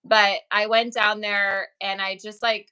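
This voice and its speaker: A woman's voice: medium pitch, level tone, a little slow, bright, forceful tone, smooth, low-quality recording. A woman actress and author chatting in an interview, telling stories in an upbeat way with many fillers. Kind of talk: casual interview chat.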